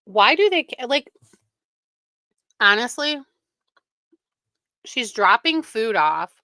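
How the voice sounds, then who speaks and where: Slow, bright-voiced streaming woman. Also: on the high side, very animated, dry recording. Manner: chatty, exasperated, laughs often. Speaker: livestream reaction host. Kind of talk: casual live-stream commentary.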